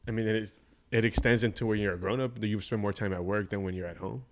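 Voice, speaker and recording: A young man hosting a casual podcast, relaxed and chiming in with his own comments. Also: lowish voice, quick pace. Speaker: podcast host.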